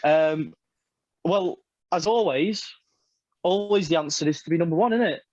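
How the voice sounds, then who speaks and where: High-voiced, brash English wrestler. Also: male voice, normal speed, darkish tone, no room sound, dull audio. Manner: boisterous storyteller, swears freely. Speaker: wrestler guest. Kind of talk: casual podcast chat.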